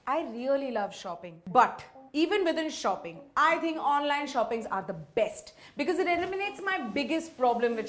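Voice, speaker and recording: A young woman doing a stand-up comedy set in a sarcastic, self-deprecating way with lots of rhetorical questions. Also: high-pitched.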